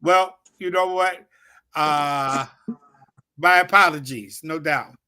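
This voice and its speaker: Bright-voiced laid-back male host. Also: fairly high pitch, slow pace, smooth. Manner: laid-back, swears casually, reads out shout-outs. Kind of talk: casual show chat.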